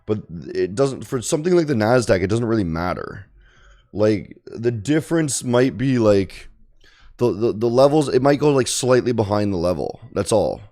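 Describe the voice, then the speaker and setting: A day trader streaming live talks casually and bluntly about his trades, rambling and swearing now and then. His voice is fairly low and dark in tone, with lively intonation at a normal speed.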